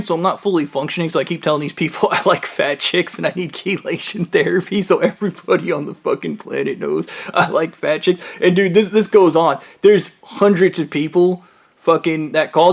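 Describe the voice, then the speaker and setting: A man with a high voice spins a rambling, profane story in monologue, hopping from tangent to tangent. His delivery is loose and swearing-heavy, with quick shifts up and down in loudness.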